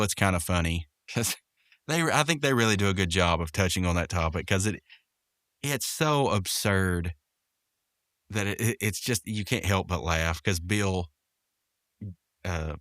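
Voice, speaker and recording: Recorded at studio quality with no room sound, this man has a low, slightly bright voice. Hosting a podcast, he meanders through a casual cartoon-episode recap full of fillers and false starts, voicing the characters' lines loudly.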